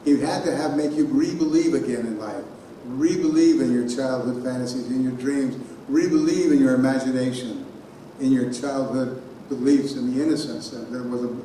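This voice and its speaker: A man giving a keynote speech in a conference hall, telling a personal story in an animated way and sounding out noises himself. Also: medium pitch, normal speed, slight background noise. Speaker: keynote speaker. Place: conference hall on a college campus. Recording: very echoey hall from far off.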